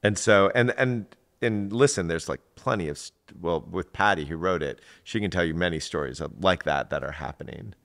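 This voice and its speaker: A middle-aged man with an extremely deep, gravelly voice tells stories as a guest coach. He talks in an animated way and leaps up in pitch to act out the people in his anecdotes. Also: normal speed, few pauses. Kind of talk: conversational storytelling.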